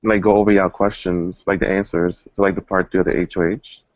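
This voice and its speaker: Gossipy low-voiced man on a call. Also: a little fast, dry recording. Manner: animated, gossipy, acts out quotes. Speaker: former contestant. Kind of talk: casual group chat. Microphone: video call. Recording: dull lo-fi call audio.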